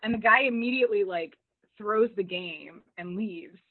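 A woman chatting casually about a TV episode, animated and laughing often as she acts out lines. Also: mid-range voice, normal speed. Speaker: podcast co-host. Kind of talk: casual recap chat. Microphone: remote call. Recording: tinny phone-like line.

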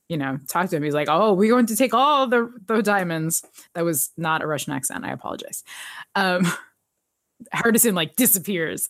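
A woman co-hosting a podcast, recapping a TV episode in animated casual chat and laughing often. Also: lowish voice, no room sound, clean studio sound. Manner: animated, laughs often, jumps into quoted voices.

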